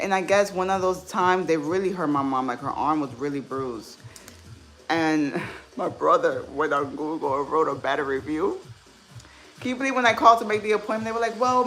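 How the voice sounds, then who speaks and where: A woman's voice: on the low side, a bit bright. A woman hosting a casual livestream, telling heartfelt family stories and reading viewer comments aloud. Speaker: livestream host.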